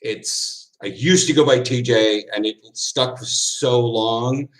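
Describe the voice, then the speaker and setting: A football player hangs out on a livestream, answering what viewers write in. He speaks at a medium pitch, wandering casually from point to point with quick asides and plenty of laughter.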